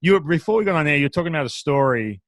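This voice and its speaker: A man's voice: fairly high pitch, animated, rapid-fire, fairly bright tone, dry recording. Chatty man hosting a casual interview. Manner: chatty, storytelling with quoted asides. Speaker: podcast host, former pitcher.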